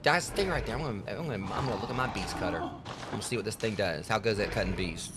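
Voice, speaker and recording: A man's voice: on the low side, racing, very noisy. A man streaming a game, trash-talking enemies and commenting casually as he plays. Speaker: gaming streamer.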